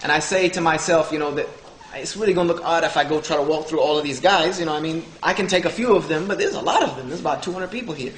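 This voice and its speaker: A man's voice: on the high side, fast talker, slight background noise. A man telling a humorous personal story to an audience, acting out the dialogue of others. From Southern United States. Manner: joking, acts out the dialogue of others. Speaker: speaker telling his story. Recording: echoey hall with faint ambience.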